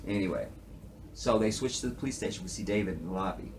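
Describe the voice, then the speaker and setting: A man giving casual commentary on a TV episode in a profane, animated way, talking straight to his viewers. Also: low-pitched, fast talker, a little hiss or hum. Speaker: TV show reviewer.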